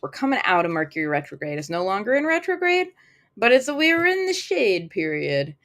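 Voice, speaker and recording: A woman's voice: medium pitch, big pitch swings, a little fast, a bit bright. A woman reading tarot cards on a live stream, chatting casually with fillers and acting out little quoted thoughts.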